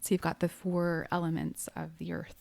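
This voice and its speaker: A woman's voice: lowish voice, monotone, moderate pace, creaky, a little mellow, dry recording. A woman co-hosting a casual podcast, explaining tarot cards in a chatty, easy way with bursts of laughter. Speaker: podcast co-host, medium.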